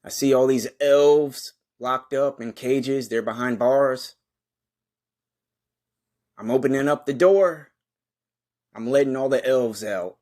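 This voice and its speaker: A man narrating a comic story in a profane, deadpan way. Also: medium pitch, unhurried, pauses often. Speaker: comedian narrating a skit.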